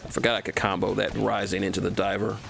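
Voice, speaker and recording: A man's voice: sits low, level tone, quick pace, creaky, a little hiss or hum. A man from Texas streaming a game, rambling through cartoon trivia, often stumbling and repeating words and swearing casually. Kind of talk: casual gameplay commentary.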